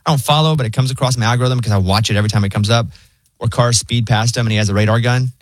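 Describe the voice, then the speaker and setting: A man's voice: medium pitch, very fast, dry recording, studio quality. A man hosting a radio talk show, chatting casually and asking earnest questions. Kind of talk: casual radio chat and interview.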